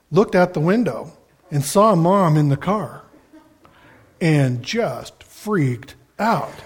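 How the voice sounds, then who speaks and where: An older man preaching a sermon, telling personal family stories in a folksy, conversational way. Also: sits high.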